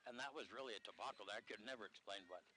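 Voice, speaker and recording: A man calling a local softball game on the radio, joking and rambling between pitches at an outdoor field. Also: rapid-fire, slight background noise, rough recording. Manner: jokey, rambling banter. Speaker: radio sports commentator.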